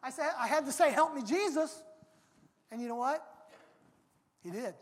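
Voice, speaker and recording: A preacher delivering a sermon in an emphatic way, now and then bursting into loud, dramatic quotes, recorded in a large church sanctuary. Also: mid-range voice, expressive, a little fast. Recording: long hall reverb.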